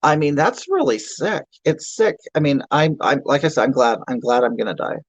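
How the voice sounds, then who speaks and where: On a comedy livestream, a man improvises as a crude, self-mocking, obese middle-aged woman who rambles, stammers, and answers chat comments while ranting and griping. His voice is fairly high and animated at a moderate pace. The recording is rough with no room sound.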